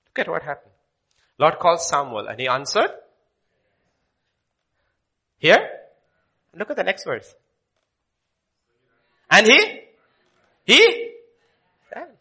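A man preaching a sermon, swinging from loud declaiming to hushed whispers. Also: a little high, big pitch swings, unhurried, creaky, long pauses, slightly rough.

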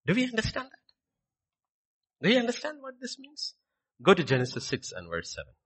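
A man's voice: sits high, huge pitch swings, fairly quick, a bit bright, husky. A man preaching a sermon in a dramatic way, acting out scripture scenes as he goes.

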